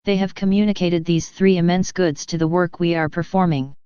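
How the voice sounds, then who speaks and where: A woman reading a devotional text aloud in an even, measured way. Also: lowish voice, clear, resonant tone, no echo. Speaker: reader. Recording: dry, slightly dull lo-fi.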